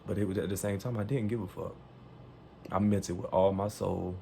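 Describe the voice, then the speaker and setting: A man with a low, warm, mellow yet gravelly voice tells a story briskly, animatedly, and emphatically. He swears freely and acts out people's lines, with a faint hiss in the background.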